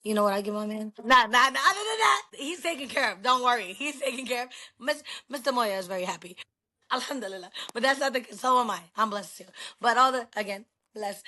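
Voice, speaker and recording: Woman, middle-aged, casual podcast chat, animated, emphatic, mid-range voice. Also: mid-range voice. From Pakistani heritage. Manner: animated, emphatic, swearing freely. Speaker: podcast guest.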